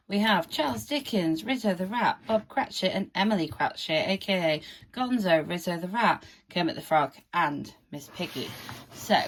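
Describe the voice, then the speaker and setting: A woman vlogger chatting casually to camera as she opens advent calendars, often breaking into drawn-out 'ooh' exclamations. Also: sits low, vocal fry, slightly rough. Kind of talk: casual vlog narration.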